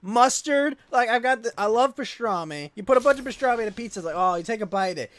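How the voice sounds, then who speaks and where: A man's voice: very high-pitched, big pitch swings, quick pace, few pauses, fairly bright tone, dry recording. A man, ranting and swearing during a casual livestream chat while gaming. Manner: ranting, exasperated, swears freely. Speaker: streamer.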